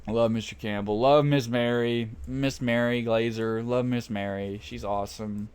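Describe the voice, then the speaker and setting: A man's voice: medium pitch, steady tone, normal speed, a little mellow, clear, resonant tone. A young man rambling through funny school stories while ranking his teachers. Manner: rambling, laughs often. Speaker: vlogger. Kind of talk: casual storytelling.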